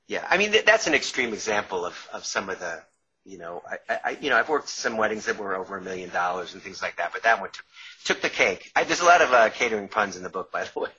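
A man's voice: lowish voice, sing-song, quick pace, bright, forceful tone. A man with a New York accent, a former caterer telling rambling stories as an interview guest, often laughing mid-story. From Long Island, New York. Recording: dull lo-fi sound.

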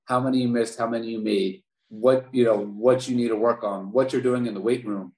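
A man in his forties from Baltimore tells his story as a podcast guest. He speaks at a middle pitch, energetic and quick to repeat himself. His voice carries a noticeable room echo. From Baltimore, USA. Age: 40s. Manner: animated storyteller, repeats words. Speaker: podcast guest, former basketball player. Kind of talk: interview storytelling. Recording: roomy echo.

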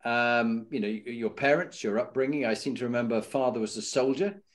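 A man's voice: mid-range voice, fairly quick. Rambling male interview host. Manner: rambling, hesitant questions. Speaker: podcast host. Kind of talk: conversational interview.

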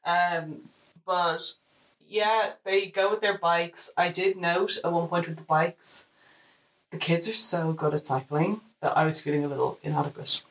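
A young woman with a fairly low voice co-hosts a casual film podcast. She retells scenes in a lively, chatty way, slipping into the characters' lines as she goes. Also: a little slow, roomy sound, recorded from a distance, rough recording. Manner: animated retelling, acts out quotes. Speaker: podcast co-host. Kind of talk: casual chat.

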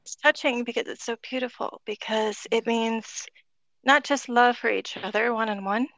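A woman's voice: a little high, fairly even intonation, moderate pace, a bit bright, no echo, highs cut off. A woman talking as a podcast guest in casual conversation, chatty and spiritual, laughing often and using many "like" fillers.

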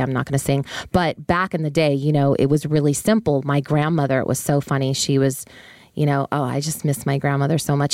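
Low-voiced chatty woman explaining finances. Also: a little mellow, no echo, clean studio sound. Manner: chatty, conversational, frequent fillers and asides. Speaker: podcast host on personal finance. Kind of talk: casual solo explainer.

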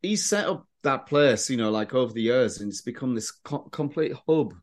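A man's voice: mid-range voice, normal speed. A man appearing as a podcast guest, telling anecdotes in casual chat with lots of restarts. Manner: animated storyteller with frequent restarts.

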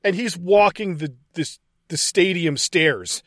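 Profane, animated man retelling film scenes. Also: high voice, slow, over music. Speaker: podcast co-host. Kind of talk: casual film discussion.

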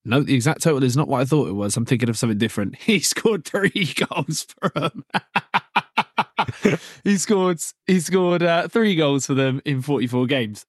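A man's voice: mid-range voice, lively intonation, normal speed, no echo, studio quality. A young man hosting a casual football podcast, rambling and joking, laughing often and restarting his sentences. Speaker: podcast host.

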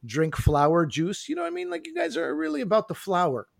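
A man's voice: high voice, brisk, creaky, no echo, studio quality. Rambling, teasing man on a podcast. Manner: rambling, teasing, animated storytelling. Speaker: podcast co-host. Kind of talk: casual chat.

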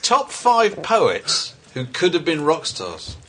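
A man hosting a podcast, reading out listener questions and prompting his guest with quick agreement. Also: fairly high pitch, wildly swooping pitch, a bit bright, breathy edge. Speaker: podcast host. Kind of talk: casual podcast chat.

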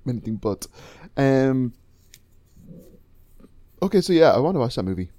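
A man's voice: mid-range voice, big pitch swings, moderate pace, warm tone, no echo. A man co-hosting a podcast in casual, laid-back chat, swearing now and then.

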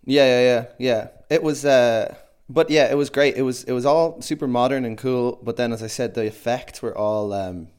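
A man co-hosting a podcast, chatting casually and recapping a film in a rambling, animated way. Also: mid-range voice, moderate pace, few pauses, smooth. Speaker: podcast co-host. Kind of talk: casual chat.

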